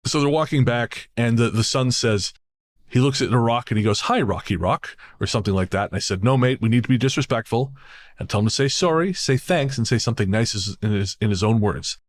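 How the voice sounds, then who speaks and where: Co-hosting a spooky-stories podcast, a man with a quick, mid-range voice chats casually and reads a listener's tale aloud. He's sardonic, swearing and laughing often.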